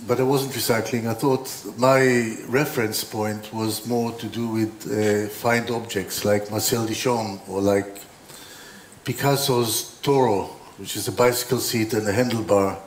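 Opening an exhibition, a designer rambles through anecdotes in an informal lecture, restarting often and dropping dry humor. He speaks a little slowly in a steady, lowish voice. The recording carries the roomy hall's faint ambience and slight hiss or hum.

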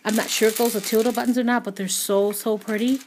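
A woman's voice: fairly high pitch, steady tone, fast, a little mellow, a little hiss or hum. A woman hosting a craft channel, chatting casually as she shows off a gift, gushing with many ums and repeated words. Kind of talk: casual unboxing chat.

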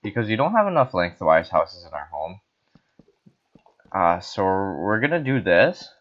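A Filipino man hosts a gaming session, tipsy on wine, his commentary jokey and erratic and broken by sudden screams. His voice is low and sing-song, moving a little slowly. The recording is dull and lo-fi.

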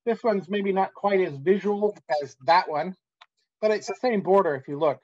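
A man giving an academic conference talk, measured and pausing often with "uh.". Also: high voice, lo-fi sound. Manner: measured, with frequent "uh" pauses. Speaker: academic lecturer.

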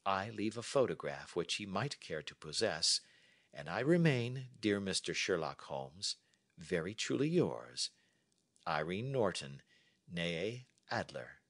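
Storybook figure: a sharp young woman, poised and mocking, read by a man in a lower voice. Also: big pitch swings, slow pace, exaggerated voice. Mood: wry. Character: clever young woman writing a farewell letter. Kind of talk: storybook reading for learners.

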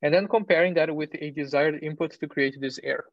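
A man's voice: on the high side, no room sound. Man lecturing, dry and slightly muffled. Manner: explanatory, pauses with fillers and self-corrections, asks "right?". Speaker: university lecturer. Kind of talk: technical lecture. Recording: dull, lo-fi lecture recording.

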